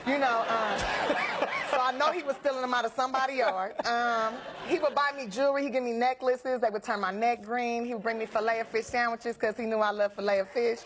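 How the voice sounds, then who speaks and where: A woman telling a comic story in casual chat, animated and laughing, acting out the people in it. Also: fairly quick, noisy background. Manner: animated, laughing, high-energy, acts out voices. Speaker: storyteller guest.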